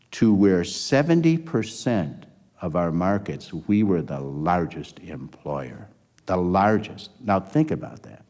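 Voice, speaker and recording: In an interview, an older man who once worked as a health system executive tells a long, rambling story and acts out the dialogue he quotes. His voice sits low and has a warm tone.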